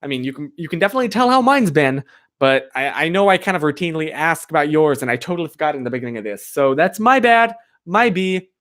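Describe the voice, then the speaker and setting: A man's voice: on the high side, animated, fast, fairly bright tone. A man live-streaming from a chilly room, chatting casually and rambling with plenty of "like" fillers while answering his viewers. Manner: answers viewer chat directly. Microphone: streaming microphone.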